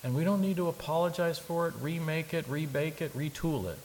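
A man preaching a sermon, animated, dropping to soft asides and rising to loud emphatic bursts, with humorous asides. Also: fairly high pitch, fairly quick, a little hiss or hum, rough recording. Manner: humorous asides and joking impressions. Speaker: pastor.

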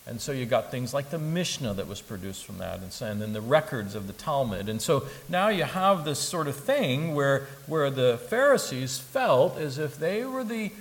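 A man preaching a sermon, animated, dropping to soft asides and rising to loud emphatic bursts, with humorous asides. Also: medium pitch, moderate pace, few pauses, poor audio. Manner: humorous asides and joking impressions. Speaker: pastor.

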